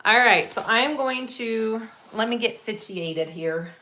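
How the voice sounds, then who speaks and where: A woman's voice: fairly high pitch, animated, a little slow, noisy background. A woman hosting a live sewing tutorial, chatting casually and greeting viewers as she works. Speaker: sewing livestream host.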